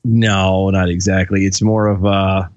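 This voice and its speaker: A man's voice: low-pitched, unhurried, no echo, highs cut off. A middle-aged man co-hosting a casual podcast, joking and laughing often as he banters. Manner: jokey, animated, laughs often. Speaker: co-host.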